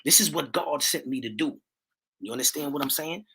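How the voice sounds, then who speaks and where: A man hosting his own livestream, talking with passion in a preachy way, repeating catchphrases and rising to near-shouts. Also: fairly high pitch, a little fast, vocal fry, husky. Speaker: livestream host. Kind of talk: impassioned livestream talk.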